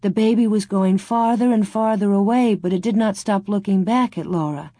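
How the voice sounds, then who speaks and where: A woman calmly reading a storybook aloud in a measured narrating voice. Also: mid-range voice, no echo, clean studio sound. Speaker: audiobook narrator.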